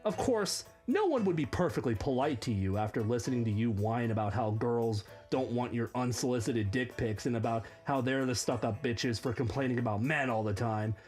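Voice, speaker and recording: A man's voice: mid-range voice, lively intonation, normal speed, hardly any pauses, darkish tone, soft background music. A man hosting reaction commentary, sarcastic and mocking. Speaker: commentary host.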